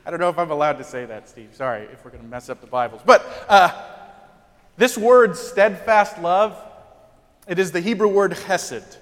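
A young man preaching a sermon from the pulpit, animated, with quick asides and acted-out quotes. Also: high-pitched. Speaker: pastor. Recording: long hall reverb.

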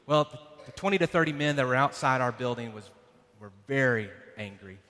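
A man preaching a sermon, telling a dramatic personal story with loud bursts and hushed passages. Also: medium pitch, animated, fairly quick. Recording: long hall reverb.

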